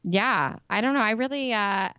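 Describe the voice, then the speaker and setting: A woman's voice: a little high, moderate pace, sharp tone, clean tone, no room sound, muffled recording. A woman co-hosting a podcast, chatting casually and frankly about a TV show, with lots of "like". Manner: frank, opinionated, heavy use of "like". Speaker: podcast co-host. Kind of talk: casual chat reviewing a TV show.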